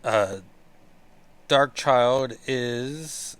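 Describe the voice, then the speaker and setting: A man's voice: mid-range voice, drawn-out words, a bit bright, smooth, no echo. A man hosting a casual comic book read-along, with joking asides. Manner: chatty, joking asides with laughs. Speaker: comic book reader and podcast host.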